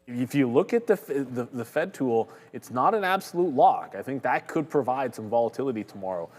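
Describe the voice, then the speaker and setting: A man walks viewers through market imbalances and halts in a relaxed, hedging way. His voice is mid-pitched. A long reverb hangs on the recording. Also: a little fast. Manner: casual, hedging, explains rules step by step. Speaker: stock trading livestream host. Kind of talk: live market commentary.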